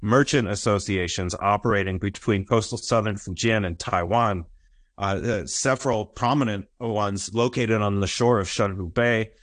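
A man's voice: fairly low pitch, moderate pace, dry recording. Lecturing man with a dry, close sound. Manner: explanatory, frequent "uh" and "right?" checks. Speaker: history lecturer. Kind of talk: academic lecture. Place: lecture recording.

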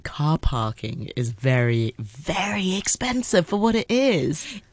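A woman's voice: deep voice, takes it slowly, breathy edge, no room sound. A woman co-hosting a casual chat, explaining phrases and laughing often. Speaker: co-host. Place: home.

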